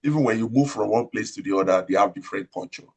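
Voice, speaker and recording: A Nigerian-accented male operating room nurse manager advises in an interview, loud and emphatic, repeating himself and asking rhetorical questions. He is a fast talker with a fairly low pitch, vocal fry, and a breathy edge.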